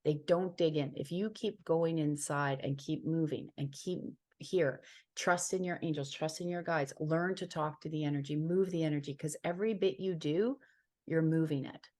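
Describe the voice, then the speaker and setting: A woman's voice: deep voice, moderate pace, darkish tone. A woman from Ontario, Canada, a healer and psychic, telling a personal story as an interview guest in an earnest, heartfelt way, repeating phrases for emphasis.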